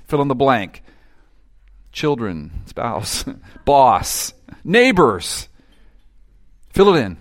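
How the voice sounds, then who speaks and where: A middle-aged man preaching with animated energy, dropping to near-whispers and then rising into loud, urgent outbursts. He acts out the voices of people praying and complaining. His pitch sits at an ordinary middle range for a man. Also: drawn-out words, pauses often. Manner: animated preaching, dramatic swings from hushed to loud; acts out quoted prayers and complaints. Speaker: pastor. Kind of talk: sermon.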